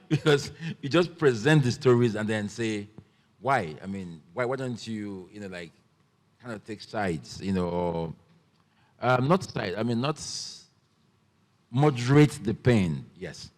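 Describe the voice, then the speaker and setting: Man from Nigeria, lowish voice, halting moderator questions, long hall reverb. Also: animated. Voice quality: halting, full of fillers and restarts. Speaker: panel moderator. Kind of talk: panel interview. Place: festival stage.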